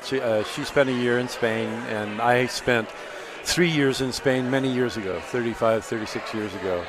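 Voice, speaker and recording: A man's voice: medium pitch, moderate pace. A man running a catering business, chatting at an outdoor festival, friendly and rambling with fillers. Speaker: caterer guest. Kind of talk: casual interview. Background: crowd and outdoor noise.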